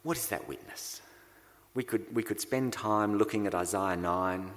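A man preaching a sermon as pastor, slow and deliberate, with dramatic pauses. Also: on the low side, in a large hall.

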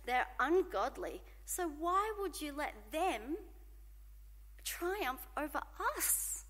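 In a church hall, a woman preaches an animated sermon, asking the congregation to call out responses. Her voice is high-pitched.

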